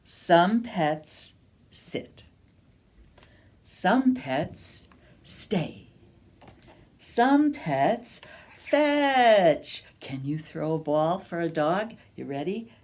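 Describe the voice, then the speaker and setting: A woman reads a picture book to young children at a very slow, unhurried pace. Her pitch swings widely in a lively sing-song, and she keeps coaxing the little listeners to join in. Her voice sits on the low side. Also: husky. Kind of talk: slow, animated storytime read-aloud.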